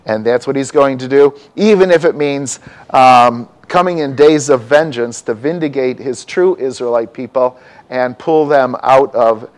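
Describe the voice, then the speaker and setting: This pastor, a man of mixed Dutch and Czech heritage, preaches a sermon in a medium-pitched voice at a measured pace. His manner is conversational, and he keeps putting questions to his congregation.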